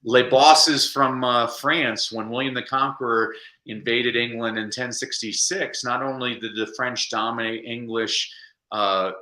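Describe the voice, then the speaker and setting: A man speaking as a guest in a casual interview, animated and playful, often putting on quick voices to make a point. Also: medium pitch, echoey room, rough recording. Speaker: guest speaker and literacy coach. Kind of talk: casual video call interview.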